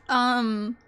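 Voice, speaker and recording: A woman livestreamer in casual chat with her viewers, excitable, swearing freely and laughing often. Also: sits high, no echo, studio quality.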